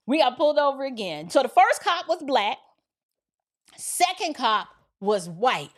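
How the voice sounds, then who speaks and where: A middle-aged woman hosting a reaction video, telling stories in a casual, animated, colloquial way. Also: high-pitched, measured pace. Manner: animated, colloquial, acts out quotes. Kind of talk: casual commentary and storytelling.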